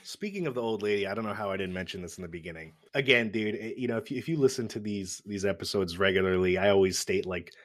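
A man's voice: on the low side, fast, hardly any pauses. A man hosting a podcast, chatting casually about a film, swearing often and laughing as he tells it. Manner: profane, laughing, animated storytelling. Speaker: podcast host. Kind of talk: casual chat.

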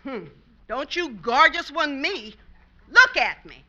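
A sharp-tongued wife in a 1950s radio comedy, brassy and scolding. Her very high voice is bright and leaps about. The recording is dull, with faint hiss behind her. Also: sing-song, slow, exaggerated voice. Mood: indignant. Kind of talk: 1950s radio sitcom acting.

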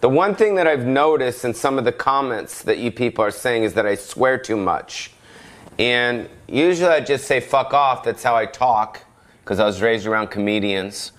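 A middle-aged man rambles through a solo comedic podcast rant in a mid-pitched voice. He swears freely, cuts himself off mid-sentence, and now and then bursts into yelling. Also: lively intonation, moderate pace. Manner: rambling, profane, self-interrupting, bursts of yelling. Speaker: podcast host.

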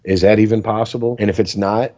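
A man in his forties co-hosts a podcast, telling rambling, profane stories in casual chat. His voice is on the low side and dark, with fairly even intonation and a fast pace, captured in a dull lo-fi recording.

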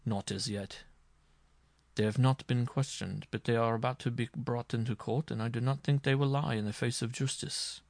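A man reading aloud and voicing a stern judge who speaks quietly, with measured, ominous calm. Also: medium pitch, vocal fry, dry recording, lightly acted.

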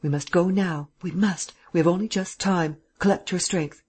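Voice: medium pitch, steady tone, moderate pace, darkish tone, breathy edge, pitched above the performer's own voice, natural voice. A reader voicing a young woman who gives terse, insistent commands. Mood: urgent. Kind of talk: audiobook dialogue reading.

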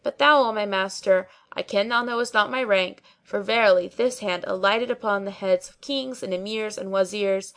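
A woman's voice: mid-range voice, normal speed, hardly any pauses, a bit bright, natural voice. A woman voicing a garrulous, pompous old male barber who talks on and on, full of pious sayings. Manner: long-winded, pious, quoting sayings.

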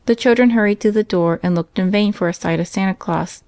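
Calm woman narrating a classic story. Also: medium pitch, brisk, no room sound. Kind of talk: scripted narration.

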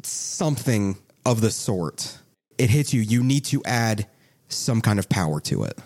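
A man's voice: on the low side, lively intonation, unhurried, darkish tone. A man narrating as game master in a tabletop game, joking and rambling with restarts.

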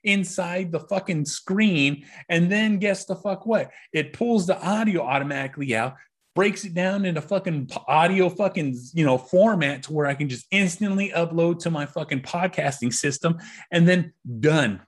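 Male podcast host, husky and a bit high, profane angry ranter. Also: moderate pace. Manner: angry, swears constantly, rambling. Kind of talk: profane ranting monologue.

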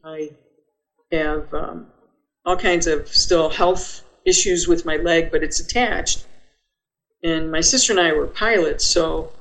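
A woman's voice: low-pitched, slow pace, a bit bright, low-quality recording. An older woman, a podcast guest, telling a personal story vividly and acting out her own thoughts as she goes.

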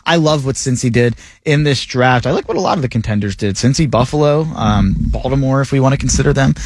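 A man co-hosting a sports radio show, talking casually and enthusiastically, his pitch jumping up when he gets excited. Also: dry recording. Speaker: co-host, draft analyst. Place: radio studio.

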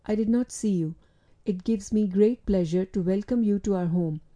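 A woman reading the lines of a lively, hospitable middle-aged mother who likes a joke, in a storybook. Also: mid-range voice, normal speed, close to an everyday voice. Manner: bustling, fond of a joke.

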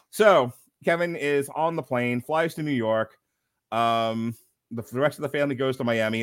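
A man's voice: fairly high pitch, no echo, studio quality. A man co-hosting a podcast and recapping a movie in a casual, sardonic, profane way. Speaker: podcast co-host. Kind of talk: casual comedic movie review.

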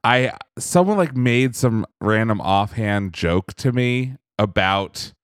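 A low-voiced young man chats on a podcast, telling a story in an animated and self-amused way. His voice is smooth and clear. It is recorded close and dry, with no room sound. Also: a little slow, few pauses, no echo. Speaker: podcast co-host. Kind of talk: casual chat.

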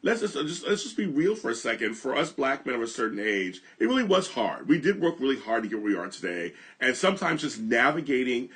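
Brief: middle-aged male host from Los Angeles, lively swinging delivery, candid and reflective. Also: medium pitch, a little fast, hardly any pauses. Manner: earnest and reflective, repeats and restarts phrases. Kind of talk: candid conversational storytelling.

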